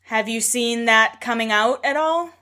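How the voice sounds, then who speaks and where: A woman hosts a casual podcast chat. She asks playful, gossipy questions in a slightly higher voice. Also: unhurried, pushed and bright. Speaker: podcast host.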